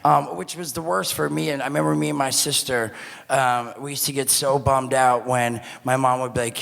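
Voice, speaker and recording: A man casually telling a long personal story, animated and profane, acting out the voices he quotes. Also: mid-range voice, moderate pace, vocal fry, in a large hall. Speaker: podcast co-host.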